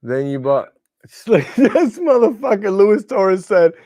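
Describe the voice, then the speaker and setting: A man's voice: a little high, expressive, takes it slowly, darkish tone, clear, resonant tone, dry recording, clean studio sound. A young man hosting a livestream, telling rambling, profane stories about guitars in casual chat. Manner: loose, profane, rambling storytelling. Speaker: livestream host.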